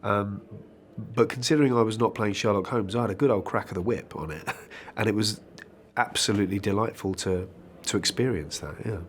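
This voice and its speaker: A man's voice: lowish voice, a little fast, slight background noise. A man speaking as an actor being interviewed about his work. He talks in a candid, chatty way, often restarting phrases and adding asides. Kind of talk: conversational interview answers.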